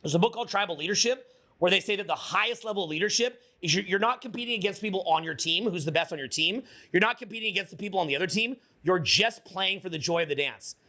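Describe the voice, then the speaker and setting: A man coaching a live audience in a motivational seminar, energetic, swearing freely and getting the crowd to repeat his words. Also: high voice, quick pace. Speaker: social skills coach.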